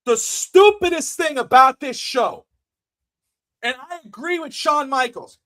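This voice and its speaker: Casual podcast co-host, man, high voice, blunt and excitable, big swings in loudness. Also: measured pace. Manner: excitable, swings from mutters to near-shouting; profane, blunt opinions.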